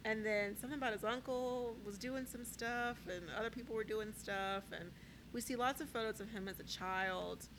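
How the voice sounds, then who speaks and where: A woman's voice: a little high, steady tone, normal speed, noisy background. A woman co-hosting a casual chat, recapping a reality show, laughing often and full of "like" and "um". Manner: chatty, laughs often, says "like" and "um". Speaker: podcast co-host.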